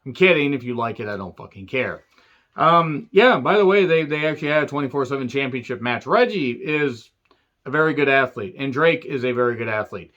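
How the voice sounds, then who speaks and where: A man's voice: medium pitch, lively intonation, brisk, fairly bright tone. Angry swearing man ranting. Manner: angry, sarcastic, swears constantly. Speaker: wrestling show reviewer. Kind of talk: profane ranting commentary. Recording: dull lo-fi sound.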